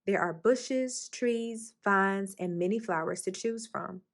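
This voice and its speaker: A woman reads a children's picture book aloud at a storytime session. Her voice sits at a middle pitch and stays steady through the narration. She lifts it brightly whenever a character speaks. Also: takes it slowly. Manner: expressive, lifts her voice high for the characters' lines. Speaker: storytime reader.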